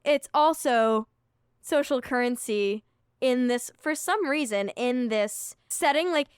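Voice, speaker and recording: Smooth-voiced young woman, chatty. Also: sits high, slow, no echo, studio quality. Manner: chatty, reflective, laughs often. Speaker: podcast co-host. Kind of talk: casual chat.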